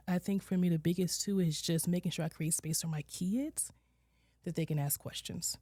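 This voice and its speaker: A woman in her forties, a social worker, telling her personal story as a podcast guest, candid, acting out her own and her children's words and sometimes dropping to a soft near-whisper. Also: on the low side, a little fast, no room sound, studio quality. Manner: candid, quotes herself and her kids with lively shifts, drops to soft near-whispers. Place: podcast studio.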